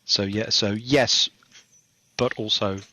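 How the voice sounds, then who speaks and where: A man's voice: lowish voice, takes it slowly, no echo. Chatty man with a dry close sound. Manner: chatty, laughs often, lively storytelling. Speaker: game developer guest. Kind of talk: casual podcast interview.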